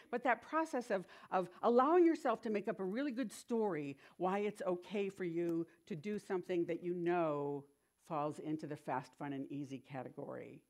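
A woman giving a sermon in a chatty, animated storytelling manner, with frequent asides. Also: lowish voice.

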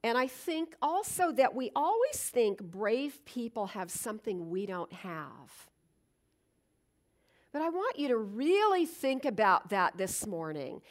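Earnest woman with a lively voice. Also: fairly high pitch, slow pace. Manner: earnest and reflective, with fillers and restarts. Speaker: speaker. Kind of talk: inspirational talk.

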